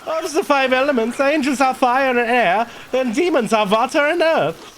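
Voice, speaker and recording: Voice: medium pitch, huge pitch swings, a little slow, sharp tone, slight background noise, voice pushed up, full character voice, rough recording. A streamer voicing a wandering male tinker in a game, eager and thoughtful. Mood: earnest. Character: Romani man, wandering tinker, earnest. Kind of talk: game dialogue read aloud.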